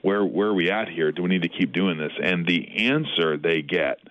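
Deep-voiced man on a tinny line. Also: moderate pace, no room sound. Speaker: co-host of a Bible study podcast. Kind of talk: casual Bible discussion. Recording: thin phone-like line, dry.

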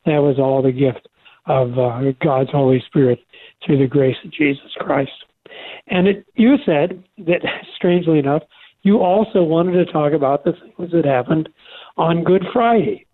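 An older man co-hosting a faith talk show, speaking earnestly and haltingly with many restarts. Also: on the high side. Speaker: radio show co-host. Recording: tinny phone line.

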